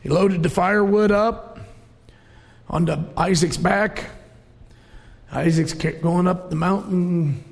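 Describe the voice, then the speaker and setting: High, gravelly preacher in echoing hall. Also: male voice, slow, pauses often. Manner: storytelling, emotional, rising to shouts. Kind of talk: sermon. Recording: long hall reverb.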